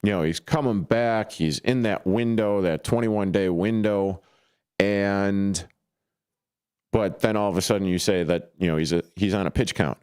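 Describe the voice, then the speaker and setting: A man's voice: lowish voice, moderate pace, a little mellow, smooth, no room sound. A man hosting a casual sports talk radio show from a studio, talking in a loose, rambling way with plenty of fillers and restarts. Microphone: studio microphone.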